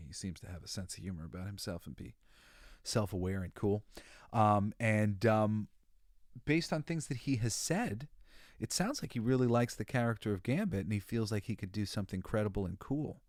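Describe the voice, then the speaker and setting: Man, podcast host, low-pitched voice, rambling and opinionated, lots of ums and restarts, dry close sound. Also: a little mellow, no room sound. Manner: sighs and groans in exasperation. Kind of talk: casual monologue.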